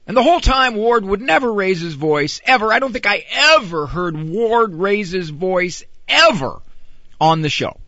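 A middle-aged man and parent, talking about raising kids in a casual, animated monologue with a husky voice. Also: high-pitched, moderate pace, no room sound, dull audio. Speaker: parenting speaker.

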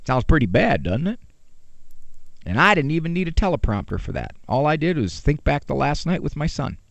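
A man giving a humorous parenting talk, animated, with joking asides and rhetorical questions. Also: mid-range voice, vocal fry, no echo. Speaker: parenting speaker.

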